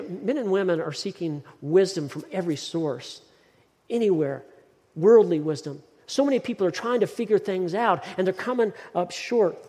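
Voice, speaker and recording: Pastor, male, emphatic sermon delivery with repeated words; raised pitch, long hall reverb. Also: darkish tone.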